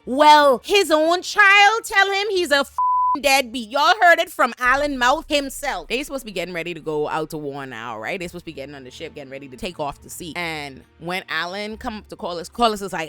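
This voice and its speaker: An animated young woman breaks down a TV episode in loose, profane commentary, laughing as she goes. Her voice sits at a middling pitch for a woman. Soft music plays faintly behind her. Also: brisk. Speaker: TV recap host. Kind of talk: casual recap commentary.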